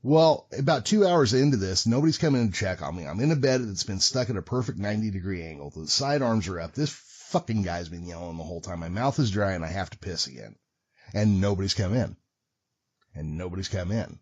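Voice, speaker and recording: Man, podcast host, fairly low voice, profane casual storytelling, muffled lo-fi audio. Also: fairly quick. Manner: profane, wry, animated retelling.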